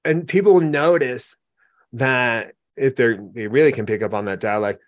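A man's voice: mid-range voice, measured pace, no echo, clean studio sound. Easygoing man chatting on a podcast. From Oregon. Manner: rambling, animated storyteller who mimics others' voices. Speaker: podcast host. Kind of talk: casual conversational interview.

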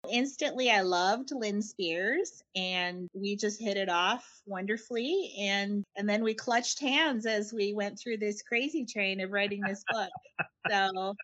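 A middle-aged woman from Canada, a writer being interviewed, talking in a chatty, animated way with frequent laughs and restarted phrases. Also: mid-range voice, unhurried, dull audio. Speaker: guest, writer. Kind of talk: conversational interview answers.

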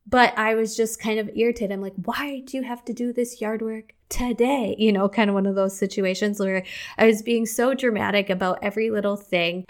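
A young woman hosting her own podcast, talking candidly and chattily, now and then acting out her own outbursts in a higher voice. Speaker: podcast host. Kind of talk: casual solo podcast talk.

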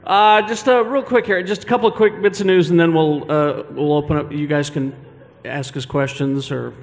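A man hosting a live panel rambles along easily, leaning on fillers. His fairly high voice echoes through a big hall over a faint background hum. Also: normal speed. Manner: relaxed, rambling, with many fillers. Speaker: panel host. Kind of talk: casual live panel chat. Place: large hall with live audience.

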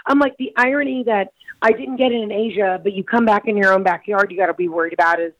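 Woman comedian, guest spot, giggly animated storyteller, dry dull lo-fi line. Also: mid-range voice, fast talker, dry recording. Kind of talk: casual podcast interview.

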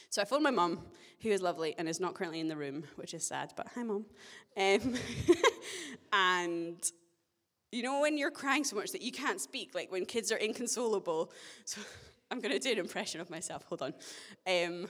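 A young woman giving a sermon to her church, telling a personal story in a chatty, self-deprecating way with gentle humor. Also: on the low side, lively intonation, moderate pace. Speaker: church speaker. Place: church hall. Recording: long church-hall reverb.

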